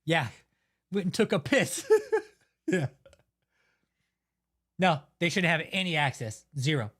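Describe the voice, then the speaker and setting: High-voiced man ranting with profanity. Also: animated, takes it slowly, a bit bright. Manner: heavily profane, heated and blunt. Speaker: channel host. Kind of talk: angry ranting commentary.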